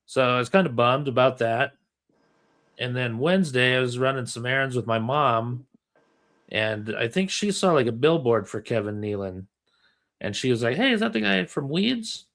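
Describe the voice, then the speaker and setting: Casual male comedian, mid-pitched and easygoing, rambling story over a call. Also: moderate pace. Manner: relaxed, rambling with many fillers. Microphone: remote call.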